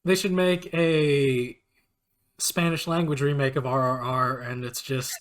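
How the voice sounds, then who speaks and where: A man's voice: mid-range voice, steady tone, measured pace. A man hosting a casual gaming podcast, telling rambling stories and laughing often. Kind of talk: casual chat.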